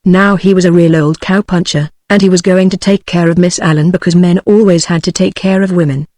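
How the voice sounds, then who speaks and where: A synthetic female text-to-speech voice with a British English accent, reading a novel as an audiobook narrator in an even, measured way. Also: fairly low pitch, no room sound, clean studio sound. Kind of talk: scripted narration.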